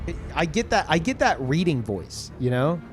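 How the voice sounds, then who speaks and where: A man's voice: fairly high pitch, sing-song, moderate pace, music in the background. A man livestreaming, talking casually to his chat in a rambling, swearing way that often restarts sentences. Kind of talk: casual chat to a live audience.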